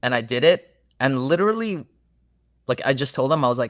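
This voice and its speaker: A man's voice: medium pitch, brisk, no room sound. Young male therapist, casual podcast guest, eager storyteller, dry close-miked sound. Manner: earnest, animated storytelling with many fillers.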